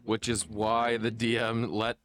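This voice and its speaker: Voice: medium pitch, a little slow. A player joking around in a casual tabletop game chat. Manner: joking, animated.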